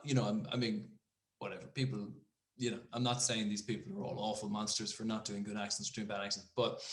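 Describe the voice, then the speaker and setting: A man rambles through casual podcast chat at a middle pitch, full of restarts and the odd swear word. His voice carries the noticeable echo of a roomy space. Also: fairly bright tone. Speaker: podcast co-host.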